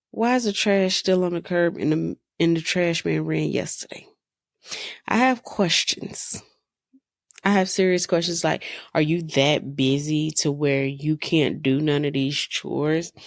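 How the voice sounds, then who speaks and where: Exasperated mom venting on her podcast, gravelly voice, dry close mic. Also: low voice, no echo. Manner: exasperated, storytelling, rhetorical questions. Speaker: podcast host. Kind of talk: casual monologue.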